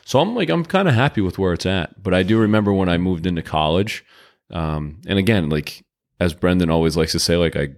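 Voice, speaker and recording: A man with a mild Boston-area accent trades relaxed, joking banter with his co-host. His voice sits very low, with a gravelly, crackling fry running through it. The conversation happens in a small home gym room. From southeastern Massachusetts. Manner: easygoing, joking banter with quick agreement. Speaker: podcast co-host. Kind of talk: casual chat.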